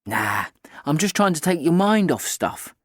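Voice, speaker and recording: A man's voice: on the high side, big pitch swings, a little slow, dry recording, clean studio sound. A man reading an audiobook, voicing a playful, daring teenage girl who talks in a breezy, teasing way.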